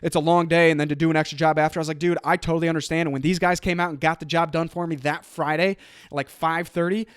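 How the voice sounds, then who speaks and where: A man hosting his own motivational podcast, telling a story in an energetic, conversational way and quoting others in his own voice. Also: fairly high pitch, quick pace, clean tone, no room sound, studio quality. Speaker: podcast host.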